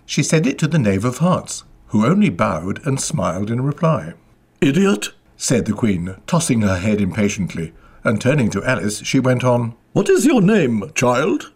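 A man's voice: fairly low pitch, lively intonation, moderate pace, a little mellow, husky. A man narrating a children's story expressively. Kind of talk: scripted narration.

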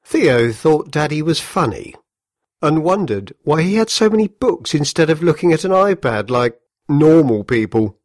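A man reading a children's story aloud, gently amused and very expressive. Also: on the high side, moderate pace, dry recording, studio quality.

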